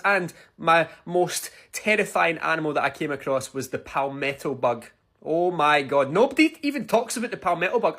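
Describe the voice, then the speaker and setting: A Scottish man from Scotland telling casual, animated stories to the camera, swearing freely and full of cheeky banter. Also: sits high. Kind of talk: casual storytime vlog.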